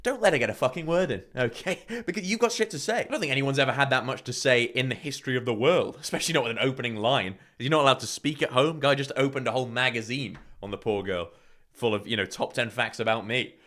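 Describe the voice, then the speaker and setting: A man's voice: medium pitch, fast talker, fairly bright tone. A man hosting a reaction video, mocking the clips with sarcastic jokes. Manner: sarcastic, mocking, laughs often. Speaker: host. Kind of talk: reaction commentary.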